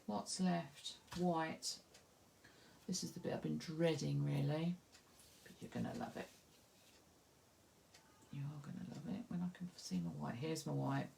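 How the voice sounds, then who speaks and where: A woman with an Essex accent leads a live painting lesson, chatting and joking at her own expense as she works. Her voice sits low with a gravelly edge. A faint hiss runs under the recording. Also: unhurried, long pauses, warm tone. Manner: chatty, self-deprecating, thinks aloud while working. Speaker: craft tutor.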